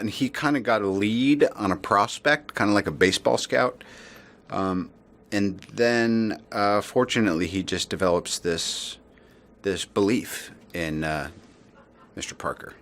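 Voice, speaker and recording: A man explaining a story in a press interview, measured and pausing to find words. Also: fairly low pitch, a bit bright.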